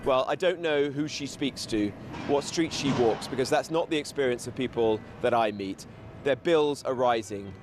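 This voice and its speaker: A man's voice: mid-range voice, normal speed, noisy background. Campaigning male politician. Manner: steady campaigning tone, lists points one after another. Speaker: political guest. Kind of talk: political argument on a talk show.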